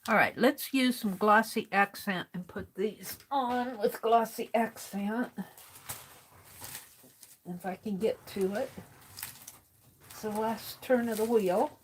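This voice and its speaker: A woman's voice: mid-range voice, slow pace, long pauses, slight background noise. An American woman hosting a craft livestream, chatting casually and muttering to herself as she sorts through supplies.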